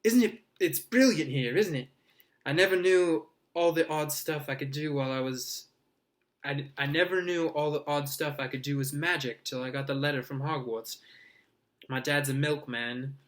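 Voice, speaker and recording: A man reading aloud, voicing an excitable young schoolboy who talks in a rushed, pleading way. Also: on the high side, lightly acted. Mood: eager.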